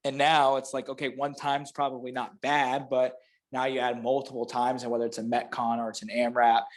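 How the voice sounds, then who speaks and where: A man with a Florida panhandle accent chats easily as a podcast guest, medium-pitched. He explains training cues with vivid images and laughs often. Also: little pitch movement, a little fast. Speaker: guest, fitness clinician. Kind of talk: casual podcast chat.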